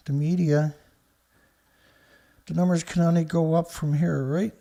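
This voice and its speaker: Gravelly sarcastic man hosting a live show. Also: on the high side, flat delivery, unhurried, long pauses, mellow. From Canada. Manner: sarcastic, rambling, scoffs at headlines. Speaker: host of a live news commentary show. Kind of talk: casual live-stream commentary.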